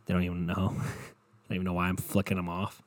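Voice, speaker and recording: A man hosting a solo podcast, ranting casually with lots of swearing, swinging between low mutters and loud exasperated outbursts. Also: completely flat delivery, fast. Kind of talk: casual comedic rant.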